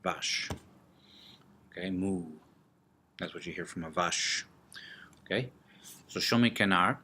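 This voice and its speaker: A man teaching French vocabulary, slowly repeating each word and drilling it with gestures, checking in with "okay" often. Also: low voice, bright, forceful tone, slightly rough. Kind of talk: classroom vocabulary lesson.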